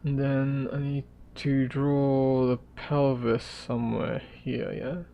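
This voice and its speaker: A man's voice: mid-range voice, level tone, slow pace, dull audio, slight background noise. A man chatting casually and rambling while he sketches on a live stream. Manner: rambling, laid-back, trails off to mutter while sketching. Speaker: art streamer. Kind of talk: casual chat while drawing.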